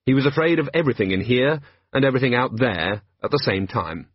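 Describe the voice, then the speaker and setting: A man's voice: mid-range voice, lively intonation, fast, husky, dry recording, dull audio. A man reading an audiobook aloud with dry, wry storytelling. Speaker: audiobook narrator. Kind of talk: audiobook narration.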